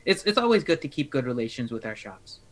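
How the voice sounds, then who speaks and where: Bright, forceful man, tabletop player, chatty and playful. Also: mid-range voice, big pitch swings, quick pace. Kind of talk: casual tabletop play.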